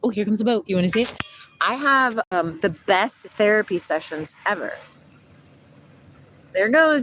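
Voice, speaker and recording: A woman's voice: mid-range voice, big pitch swings, moderate pace, a bit bright, a little hiss or hum. A middle-aged woman from Washington state, chatting playfully and rambling on a livestream outdoors by a river. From Washington state, USA. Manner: rambling, playful, drifts between chat and singing. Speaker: livestream host. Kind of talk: casual livestream chat with viewers.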